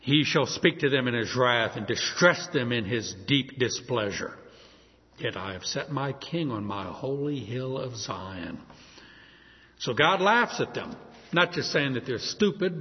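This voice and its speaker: Lively-voiced preacher man in an echoey hall. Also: medium pitch, breathy edge. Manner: expository, reads scripture aloud and explains it. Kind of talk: sermon. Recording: echoey hall, dull lo-fi sound.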